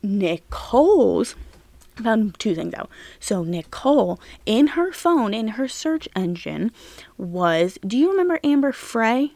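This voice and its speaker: A young woman hosting a casual true-crime podcast, chatty and animated, swearing often as she retells events. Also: lowish voice, gravelly, dry recording. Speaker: podcast host.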